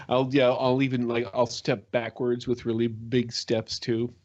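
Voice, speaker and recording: A man's voice: mid-range voice, a little mellow. A man joins a tabletop game session as a player. His voice comes through a somewhat dull, lo-fi microphone. He speaks in a hesitant, jokey way, repeating words before landing a gag. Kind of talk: casual tabletop play.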